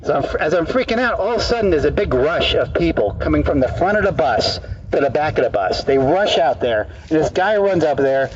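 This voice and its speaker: A male street comedian telling a rambling, deadpan absurd story in halting, repeated phrases to people in an outdoor park. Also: a little high. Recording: dull distant outdoor recording.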